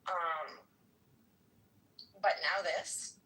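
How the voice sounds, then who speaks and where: Bright-voiced outraged woman, distant mic. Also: on the low side, drawn-out words. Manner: outraged, exclaiming. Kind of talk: casual political chat.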